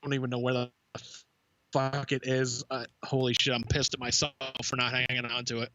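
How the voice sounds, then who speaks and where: A man's voice: mid-range voice, a little fast, dry recording. A man on a podcast telling a casual, profane story, acting out the voices of the people in it. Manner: animated, swearing, acts out quoted voices. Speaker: podcast co-host.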